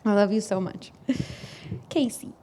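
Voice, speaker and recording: A woman's voice: mid-range voice, a little slow, mellow. A young woman, the groom's sister, giving a wedding toast at a reception, laughing often and fighting back tears. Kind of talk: wedding speech.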